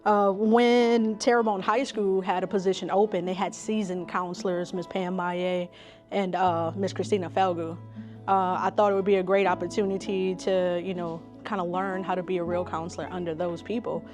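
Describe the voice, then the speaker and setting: A woman, a school counselor telling stories in an interview in a relaxed, conversational way with many fillers. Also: lowish voice, moderate pace, soft background music. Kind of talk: interview storytelling.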